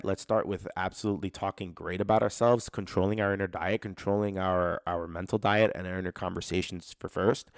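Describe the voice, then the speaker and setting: Low-voiced man ranting casually, heavy swearing. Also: dry recording, clean studio sound. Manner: casual, profane, animated, acts out quoted inner voices. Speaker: podcast host. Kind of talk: solo podcast rant.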